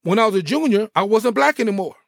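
A middle-aged man, a former pro athlete, telling his life story in a podcast interview with animated, preacher-like energy. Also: high voice, quick pace, vocal fry, no room sound, clean studio sound. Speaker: guest, former pro football player.

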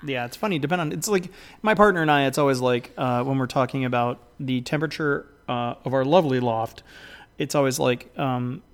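A man's voice: medium pitch, fairly quick. A man co-hosting a podcast in casual, rambling talk, theatrical and self-mocking, with plenty of fillers and mild swearing. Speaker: podcast co-host.

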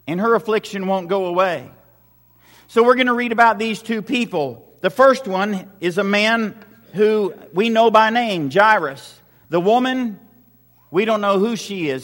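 A man's voice: sits high, a bit bright, in a large hall. A man preaching a sermon as pastor, building his points with repeated rhetorical questions and emphatic, repetitive phrasing.

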